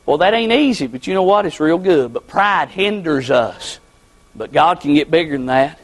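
High-voiced preacher man. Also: animated, normal speed. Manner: impassioned, swings between shouting and hushed pleading. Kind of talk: sermon.

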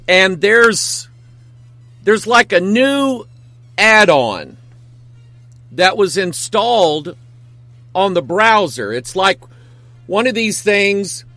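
A man with a higher voice talks slowly and earnestly as a pastor hosting his talk show. His speech rambles through stories with emphatic turns, and the sound is dry and close. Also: fairly bright tone, no room sound. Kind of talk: casual talk show monologue.

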